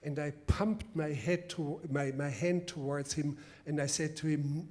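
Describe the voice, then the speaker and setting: A man with a German accent, a film director at a public masterclass, answering a question with a deliberate, emphatic anecdote. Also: on the high side, a little mellow. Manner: deliberate, emphatic storytelling with restarts. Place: festival event before a live audience.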